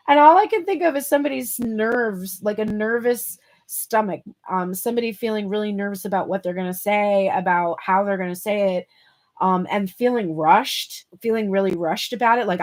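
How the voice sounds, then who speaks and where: A woman's voice: mid-range voice, moderate pace. A woman giving a casual tarot reading, chatty and playful, laughing often and swearing casually. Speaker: tarot reader.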